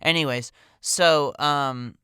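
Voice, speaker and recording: A man's voice: a little high, fairly even intonation, slow pace, pushed and bright, smooth, dry recording, clean studio sound. A man hosting a podcast, telling a personal story in a casual, rambling way full of "like" and "um".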